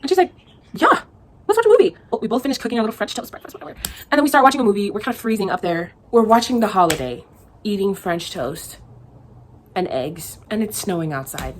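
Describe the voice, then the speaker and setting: A young woman from Hawaii, a vlogger answering viewer questions in a chatty, animated way, acting out quotes as she tells stories. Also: medium pitch, quick pace, slight background noise. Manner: chatty, animated, acts out quotes in other voices. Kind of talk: casual storytelling Q&A.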